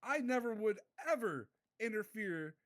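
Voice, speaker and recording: A man's voice: sits high, expressive, a little slow, no echo. A man playing a small-time crook who testifies in a roleplay court, earnest and rambling, forever turning back to the judge. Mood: pleading.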